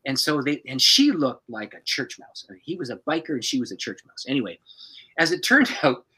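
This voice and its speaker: A man who is a pastor, an animated storyteller who laughs often as a guest on a podcast. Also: mid-range voice, brisk, breathy edge, poor audio.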